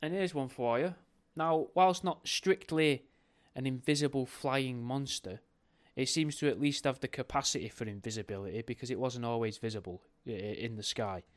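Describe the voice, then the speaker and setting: A man's voice: medium pitch, moderate pace. A man hosting a podcast in a casual, rambling, jokey way, often correcting himself mid-sentence. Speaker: podcast host.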